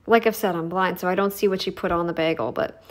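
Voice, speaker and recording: A woman's voice: on the low side, steady tone, fast, faint music behind. A woman giving casual, blunt reaction commentary on a video, chatty and frank. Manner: chatty, blunt, says "dude" and "honey".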